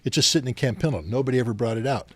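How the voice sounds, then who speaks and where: A middle-aged man, a podcast guest, telling anecdotes in an interview, getting louder as he retells confrontations. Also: medium pitch, racing, husky, dry recording. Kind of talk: storytelling interview.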